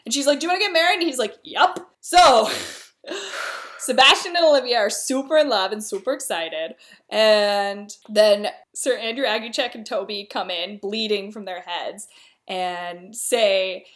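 A woman's voice: mid-range voice, a little slow. A young woman casually retelling a comic play in slangy everyday words, briefly acting out the characters' lines. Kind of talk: casual plot retelling with quoted voices.

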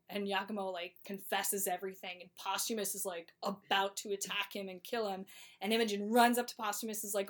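A woman casually summarizing a play's plot, wry and chatty, acting out the characters' lines in quick voices. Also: mid-range voice, fairly even intonation, a bit bright.

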